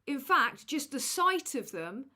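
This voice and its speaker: A woman's voice: high voice, very animated, slow, sharp tone. A woman hosting a casual livestream and reading out super chats, crude and sardonic as she roasts people. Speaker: livestream host.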